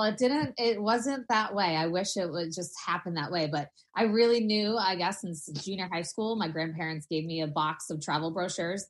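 Chatty woman guest from New Hampshire. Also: lowish voice. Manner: chatty, energetic storytelling. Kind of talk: casual interview.

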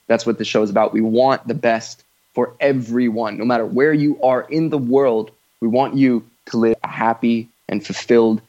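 A man's voice: medium pitch, a little mellow, lo-fi sound. Earnest rambling man hosting a podcast. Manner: earnest, rambling, frequent fillers and affirmations. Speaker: podcast host. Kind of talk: casual podcast conversation.

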